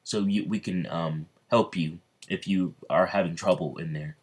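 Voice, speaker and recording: A man's voice: sits low, moderate pace, husky. A man voicing a brash young male hero who speaks firmly, lecturing his companions.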